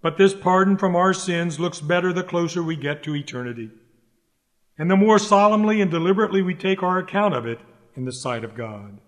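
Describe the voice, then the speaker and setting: In a high-pitched voice and at a brisk pace, a preacher delivers an emphatic, earnest sermon, repeating his main phrases and pleading with the congregation. The recording carries long hall reverb.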